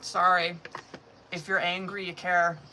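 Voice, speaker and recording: A woman's voice: lowish voice, little pitch movement, a little slow, noisy background. A woman giving tarot readings on a live stream in casual, profane, chatty talk that is full of laughs. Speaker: tarot reader.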